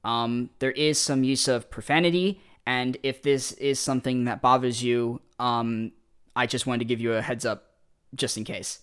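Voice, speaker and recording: A woman's voice: rumbling low, steady tone, moderate pace. A woman hosting a podcast, chatting casually with lots of fillers and restarts. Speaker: podcast host. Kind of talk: casual chat.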